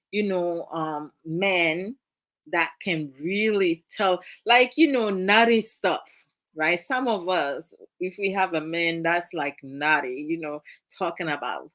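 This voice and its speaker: A woman's voice: on the low side, slow, fairly bright tone. A woman with a Ghanaian accent hosting a casual live-stream chat, playful and chatty, reading out viewer comments and mixing in Twi phrases. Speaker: host.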